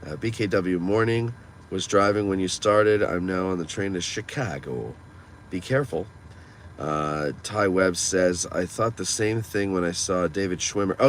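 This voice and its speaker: A man's voice: sits low, moderate pace. A man hosting a casual live stream from his car, reading viewer comments aloud and chatting back. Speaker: host reading live chat. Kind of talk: casual live-stream chat while driving. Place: inside a car in town. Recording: clear traffic noise from a moving car. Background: car and street noise.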